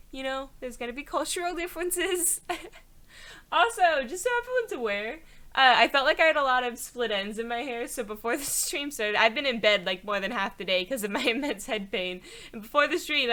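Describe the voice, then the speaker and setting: A woman's voice: a little high, sharp tone. A young woman streaming a horror game, chatting casually and laughing often into a desk mic. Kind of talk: casual let's play commentary.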